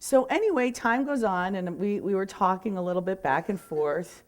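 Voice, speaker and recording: Speaking at a medium pitch and normal speed, a woman in real estate shares a story casually. Her delivery is chatty and meandering, full of self-corrections and filler words.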